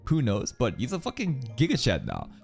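Excitable young man reacting to anime. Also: mid-range voice, normal speed, creaky, soft background music. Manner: excitable, swears a lot, talks to the screen. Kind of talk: casual reaction commentary.

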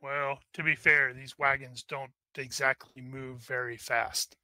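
Male game master, bright crisp voice, dry close mic, halting delivery. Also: medium pitch, flat delivery, dry recording. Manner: halting, many restarts and fillers. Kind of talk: narrating a tabletop game.

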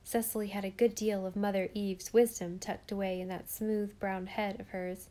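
A woman narrating a classic novel as an audiobook, measured storytelling. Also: medium pitch, flat delivery, dark tone. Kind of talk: scripted narration.

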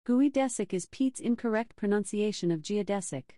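A woman's voice: mid-range voice, animated, moderate pace, warm tone, no echo, lightly acted. A woman voicing a sassy female smart-speaker assistant in a comedy sketch, dry and teasing. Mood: deadpan.

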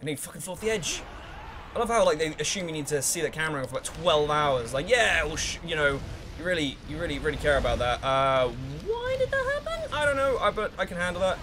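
A man commentating his own gameplay in a let's play, excitable and swearing freely, humming to himself while he thinks and shouting at the game characters. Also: on the high side, fast talker, a little hiss or hum.

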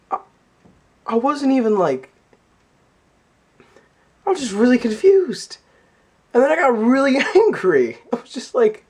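Man vlogger, comedic rant, lively pitch that jumps around, exasperated and profane. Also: moderate pace, pauses often, husky. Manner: exasperated, profane, swings between shouting and mumbling.

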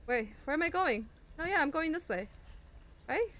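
Let's-play commentary: woman streamer, easily spooked, exclaiming a lot, slightly high voice, faint background hum. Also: lively intonation, moderate pace, fairly bright tone. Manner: jumpy, easily scared, exclamatory. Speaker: gaming streamer.

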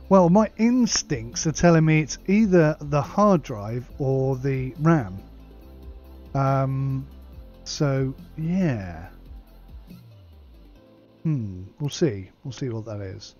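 A man's voice: medium pitch, lively intonation, slow pace, long pauses, darkish tone, dull audio, soft background music. A man hosting a let's play, reading game text aloud and muttering asides to himself. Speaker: gaming channel host.

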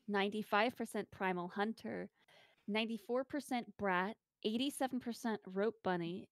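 A woman's voice: medium pitch, no room sound. A woman in a casual group chat, reading a long list of results aloud in a matter-of-fact way. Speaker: stream guest.

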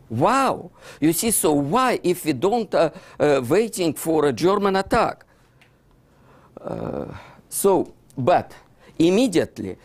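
Older male author, thick Russian accent, rambling lecture with "you see" fillers, slightly high voice. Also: darkish tone. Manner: broken English with many fillers and "you see, so". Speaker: author giving a book talk. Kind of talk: lecture presentation.

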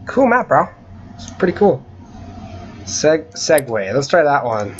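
Excitable young man whooping over a game. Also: on the high side, unhurried, lo-fi sound, slight background noise. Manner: excitable, yelps and whoops, swears often. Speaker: gaming channel host. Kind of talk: casual gaming commentary.

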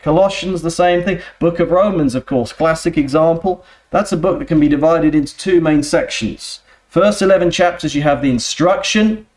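A man preaching a sermon in a church, earnest and steady, often turning to the congregation with rhetorical questions. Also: on the high side, normal speed, few pauses. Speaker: pastor.

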